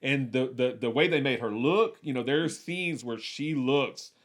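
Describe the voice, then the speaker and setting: A man's voice: medium pitch, measured pace. A man co-hosting a podcast, chatting casually about movies, restarting sentences and repeating words as he goes. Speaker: podcast co-host.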